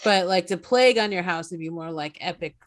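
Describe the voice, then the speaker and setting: A woman's voice: on the low side, a little fast. A woman co-hosting a podcast in casual chat, swearing freely and acting out quoted lines. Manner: profane, animated, acts out quoted lines. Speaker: podcast co-host.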